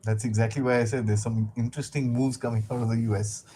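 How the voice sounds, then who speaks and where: A man's voice: medium pitch, steady tone, fast, mellow. Male host over faint noise. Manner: brief agreeing replies, reads out viewer questions. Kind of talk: casual interview.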